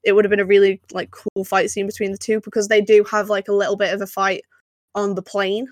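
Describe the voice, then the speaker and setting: A woman's voice: medium pitch, monotone, quick pace, no echo. A woman co-hosting a podcast in casual chat, talking freely and laughing often. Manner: chatty, laughing often, lots of fillers. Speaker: podcast co-host.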